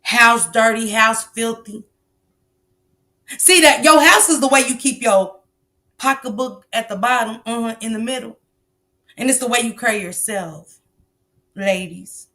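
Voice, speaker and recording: A middle-aged woman hosts a livestream, lecturing bluntly and profanely about parenting in a casual, preachy way. Her voice sits on the high side, bright and forceful, and she speaks unhurriedly with long pauses.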